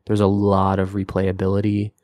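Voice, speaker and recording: A man's voice: low voice, monotone, moderate pace, darkish tone, dry recording, clean studio sound. A young man co-hosting a podcast, talking through games in a casual, rambling way, full of fillers and enthusiasm. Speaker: podcast co-host. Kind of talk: casual game-review chat.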